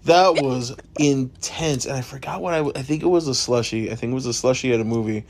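Dude in a voice note telling a story, lots of slang, really animated. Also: male voice, medium pitch, brisk, gravelly, a little hiss or hum. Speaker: listener sending a voice note.

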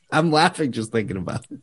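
A man hosting a podcast, telling a profane, animated story in casual chat. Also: on the high side, husky. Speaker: podcast host.

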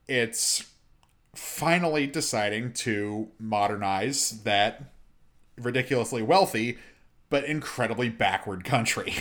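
A young man hosting a solo sports and gaming podcast, chatty and excitable, breaking into exasperated rants. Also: mid-range voice. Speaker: podcast host.

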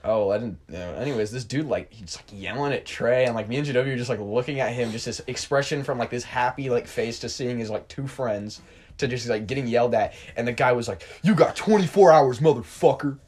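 A husky-voiced young man hosts a casual podcast chat at a middle pitch. He tells stories in an animated, crude way and swears freely. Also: brisk. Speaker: podcast host.

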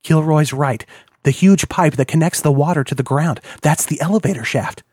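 A worried clone speaks in halting, uneasy phrases, as a man reads him. The sound is dry and close. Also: a little high, darkish tone, husky, no echo.

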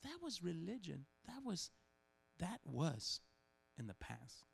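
A man preaching a sermon, animated and humorous, acting out little scenes and voices as he goes. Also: sits high, slow pace, creaky, slightly rough. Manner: animated, acts out voices and dialogue, humorous asides.

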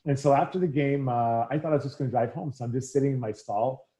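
With medium pitch and a quick pace, a middle-aged former hockey player relaxes into interview stories. He's animated throughout and dramatizes whatever people said.

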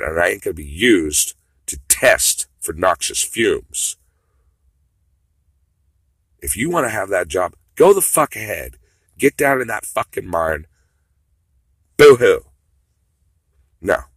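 Rambling profane monologue, man with a low husky voice, muttering then flaring up. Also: fairly bright tone, no room sound. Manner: rambling, profane, swings between mutters and outbursts.

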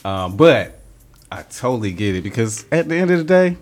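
A man's voice: mid-range voice, sing-song, moderate pace. A man in casual group chat who talks frank and laid-back, laughing easily.

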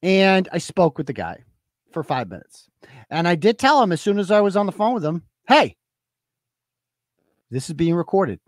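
A podcast host, a man, delivering an angry, profane political rant with shouting bursts. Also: sits high, very animated, moderate pace, pauses often, no room sound.

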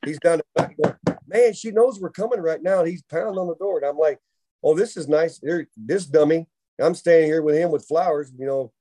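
A man, co-hosting a podcast and telling a long funny story in a casual, animated way, often laughing. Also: on the high side, fairly quick. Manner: animated storyteller who laughs through his own tale. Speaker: podcast co-host.

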